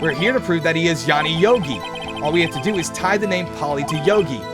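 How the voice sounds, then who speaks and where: A man's voice: a little high, animated, fast talker, music in the background, pitched below the performer's own voice, natural voice. A man voicing an earnest young male defense lawyer who speaks in an eager, determined way.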